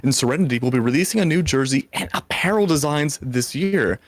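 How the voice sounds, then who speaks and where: A man casting a live esports match, chatty and upbeat and quick to joke, speaking over a headset mic. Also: medium pitch, animated, no room sound. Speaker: esports caster.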